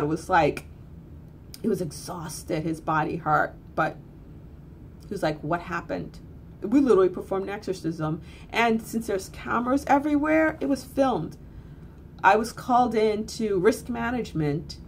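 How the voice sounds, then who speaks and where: A woman's voice: medium pitch, expressive, normal speed, slight background noise. A woman telling a story in a casual, blunt, earthy way, swearing freely and repeating phrases for emphasis. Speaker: spiritual teacher.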